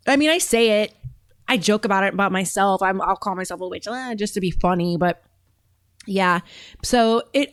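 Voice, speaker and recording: A woman's voice: medium pitch, clean tone, dry recording. A woman hosting a show and reacting to videos in a chatty, rambling way, often laughing. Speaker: host. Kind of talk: casual reaction commentary.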